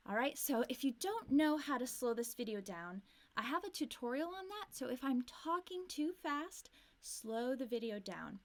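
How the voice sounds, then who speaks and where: A woman with an American accent teaching English pronunciation, modeling sounds slowly and repeating lines for learners. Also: high-pitched, very animated. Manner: slow, deliberate modeling of sounds with repetition. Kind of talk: pronunciation lesson.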